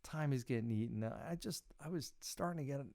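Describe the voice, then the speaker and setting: A middle-aged man hosting a podcast, telling a personal story in a casual, animated way and quoting himself with big jumps in pitch. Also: a little fast, gravelly, dry recording, clean studio sound. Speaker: podcast host.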